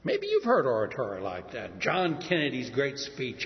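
Older male preacher in a lively, echoing hall. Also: mid-range voice. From Texas. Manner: earnest preaching with shifting emphasis and dramatic pauses. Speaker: pastor. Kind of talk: sermon. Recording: muffled sound in a reverberant hall.

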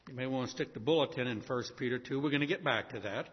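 In a church, a man preaches to his congregation, telling a story and acting out its characters' voices. He talks fast in a mid-range voice with a breathy edge, captured lo-fi in a church hall with long reverb.

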